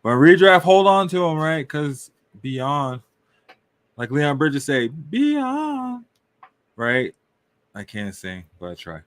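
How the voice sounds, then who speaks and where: A man's voice: fairly high pitch, unhurried, fairly bright tone, clean tone, no room sound. Loose, rambling man, dry sound. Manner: loose, rambling, full of "right?" and "I don't know". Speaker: podcast host. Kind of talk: casual fantasy football talk.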